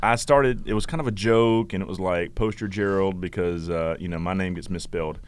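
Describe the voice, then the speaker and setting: A man's voice: sits low, a little fast, smooth. A man in his forties with a Southern accent, co-hosting a podcast in a casual, joking, self-deprecating way. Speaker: podcast co-host. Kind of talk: casual chat.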